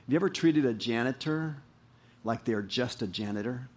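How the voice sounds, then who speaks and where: A man preaching a sermon as pastor, animated, rising to emphatic highs and dropping low. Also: moderate pace.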